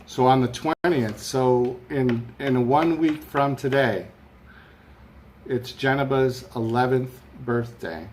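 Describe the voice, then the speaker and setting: A man chats loosely through a live stream from a room at home, wandering from thought to thought and reading out what viewers write. His voice sits at an ordinary middle pitch. A faint room ambience stays under him the whole time. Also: takes it slowly, a little mellow, slight background noise. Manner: rambling, chatty, reads viewer comments aloud. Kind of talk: casual live chat. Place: home room with a fan running.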